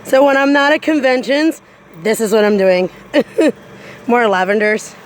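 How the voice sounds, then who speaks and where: A woman cosplayer giving a casual walking tour of her backyard garden. She talks chattily, repeats her phrases, and breaks into high squeals of delight. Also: measured pace, slight background noise. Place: outdoors in a home backyard garden.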